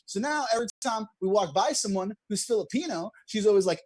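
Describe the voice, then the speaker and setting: A man's voice: high-pitched, expressive, fast, few pauses, a little mellow, dry recording. A young man doing a stand-up comedy set over a video call, joking at his own expense and laughing at his own lines. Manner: self-deprecating, laughs at own jokes. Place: at home, streamed online.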